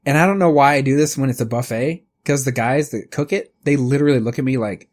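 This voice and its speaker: Man, podcast co-host, casual chat, profane, rambling, mid-pitched voice. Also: fast talker, hardly any pauses, a little mellow. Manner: rambling, profane, laughs easily.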